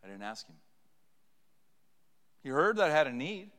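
A man's voice: fairly high pitch, very animated, moderate pace, fairly bright tone, long reverb tail. A man preaching an impassioned sermon as pastor, building to fervent cries. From Canada. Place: church sanctuary.

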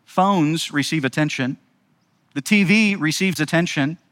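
A middle-aged man preaching a sermon, repeating key phrases with emphasis and moving between quiet, intimate lines and raised, urgent ones. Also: on the high side, a little slow, no room sound. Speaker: pastor.

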